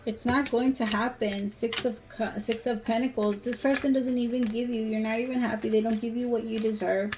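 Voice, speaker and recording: Brief: woman tarot reader, slightly high voice, blunt and swearing, hiss behind her. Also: steady tone, fairly quick, few pauses. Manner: blunt, emphatic, swears freely. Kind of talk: casual tarot reading to camera.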